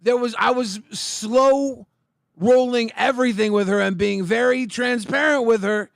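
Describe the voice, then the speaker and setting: A man with a very high voice and a gravelly fry explains himself defensively. He talks hesitantly, stumbling and restarting his words. The sound is dry and close. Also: measured pace, no echo. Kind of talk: defensive explanation in recorded call.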